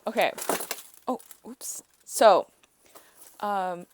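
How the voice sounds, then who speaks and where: Gushing woman unboxing gifts, slow. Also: medium pitch, a little hiss or hum. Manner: gushing, gasping, excitable. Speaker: craft vlogger. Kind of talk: gift unboxing vlog.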